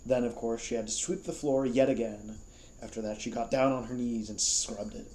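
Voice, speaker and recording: A man reading a novel aloud as a storyteller, calm and even. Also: medium pitch, normal speed, reverberant, slight background noise, poor audio. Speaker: storybook reader.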